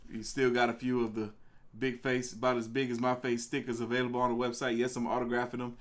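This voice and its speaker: A young man hosting a casual live stream, greeting viewers by name in an animated way. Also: fast. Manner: animated, greets viewers by name, pitch jumps on excited words. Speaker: live-stream reaction host.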